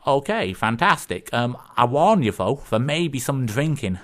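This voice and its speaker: A man's voice: medium pitch, sing-song, normal speed, fairly bright tone, pitched above the performer's own voice. A man voicing a friendly North American backwoods neighbour in a put-on accent, telling a joke on radio. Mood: chummy.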